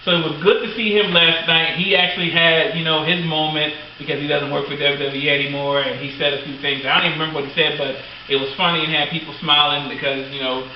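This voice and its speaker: A middle-aged man, hosting as a father, chatting in a rambling, excitable way with lots of fillers. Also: a little high, quick pace, few pauses, far from the mic. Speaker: host, father. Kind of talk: casual chat. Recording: very echoey dull room, off-mic, faint noise.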